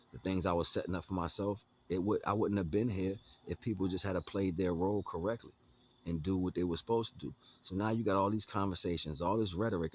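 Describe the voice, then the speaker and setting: A man telling a story to his viewers in a blunt, profane, emphatic way, with lots of asides to the listener. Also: low-pitched. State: homeless, talking about his day. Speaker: vlogger. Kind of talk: casual storytelling monologue.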